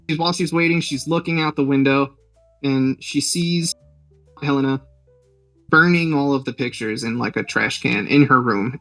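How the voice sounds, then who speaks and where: A man's voice: mid-range voice, a bit bright, no room sound, distant mic, poor audio. A man hosting a podcast, retelling a film's plot in a rambling, joking way with lots of fillers. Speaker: podcast host. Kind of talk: casual movie recap.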